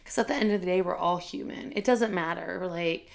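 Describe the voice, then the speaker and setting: A woman's voice: lowish voice, fairly quick, vocal fry. A woman who works as a school teacher and leader, telling a personal story in a candid, heartfelt way with many fillers.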